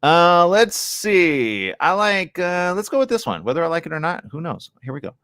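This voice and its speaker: A man's voice: high voice, normal speed, clear, resonant tone. A man hosting a live online morning show, chatting casually and reading viewer comments in a rambling way, often checking in with his audience. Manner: rambling, animated, asks the audience "you get it?".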